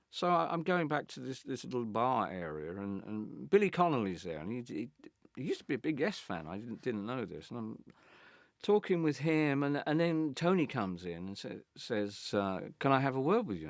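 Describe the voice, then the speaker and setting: An older man recounting a backstage story in an interview, animated, acting out the others' lines and often stammering into restarts. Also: mid-range voice, no room sound, clean studio sound. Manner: animated, acts out quoted voices, stammering restarts. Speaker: interviewee, former band guitarist.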